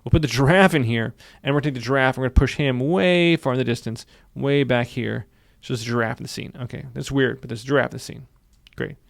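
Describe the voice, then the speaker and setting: A man walks through a software tutorial at a brisk clip, his voice gravelly. He is upbeat and says many lines twice as he clicks along. The sound is dry and close, with no room around it. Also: mid-range voice, dry recording. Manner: upbeat, repeats phrases while narrating clicks. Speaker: software instructor. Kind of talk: screen-recorded tutorial.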